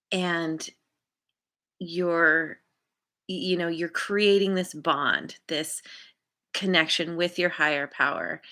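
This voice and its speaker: Woman, tarot reader, low-ish voice with a bright edge, unhurried and wandering delivery. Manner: gentle and meandering, searching for words; encouraging, spiritual. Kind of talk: intuitive tarot reading for viewers.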